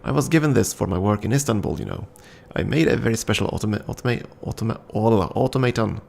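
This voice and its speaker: A man reading out a gruff, grumbling woman mechanic in a story game, with brusque, impatient retorts. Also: fairly low pitch, animated, fast, darkish tone, heavily acted. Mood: chatty.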